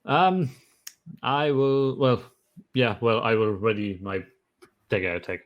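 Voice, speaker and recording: Halting man at a game table. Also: mid-range voice, lo-fi sound. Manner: halting, with frequent fillers. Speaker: player. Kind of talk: casual tabletop game chat. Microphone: video call.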